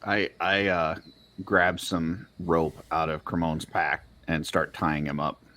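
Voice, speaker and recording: A man playing a tabletop game, speaking in a gruff, matter-of-fact way. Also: low voice, level tone, slow, pushed and bright. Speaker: player. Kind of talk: tabletop role-play.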